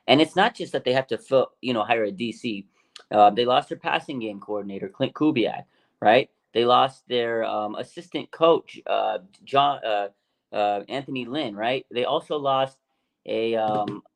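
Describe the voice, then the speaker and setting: A man chats casually on a sports podcast, animated and full of slang. His voice sits at a middling pitch, and he trips over his words with lots of fillers and restarts. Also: normal speed. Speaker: podcast host.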